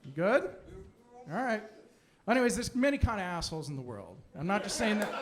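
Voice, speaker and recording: A man's voice: high voice, very animated, fast talker, fairly bright tone. A young man doing a stand-up set in a comedy club, sarcastic and brash as he fires back at a heckler. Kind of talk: stand-up set with crowd work.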